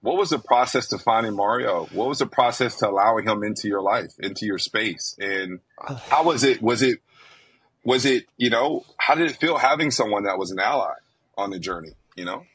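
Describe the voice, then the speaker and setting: A man's voice: fairly low pitch, moderate pace, fairly bright tone, husky, poor audio. A man hosting a podcast, speaking in an encouraging, affirming way. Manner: encouraging, affirming, calls listeners man and brother. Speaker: podcast host. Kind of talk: casual podcast conversation.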